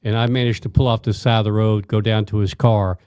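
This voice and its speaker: An older man, a retired police officer, recounting a police chase in a steady, matter-of-fact way. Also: lowish voice, brisk, smooth, no echo, studio quality. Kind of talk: casual storytelling.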